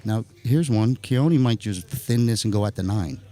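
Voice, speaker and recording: A man's voice: fairly low pitch, normal speed. A man with a New Jersey accent giving chatty, joking live commentary on a pool match. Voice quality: animated, jokey, chatty.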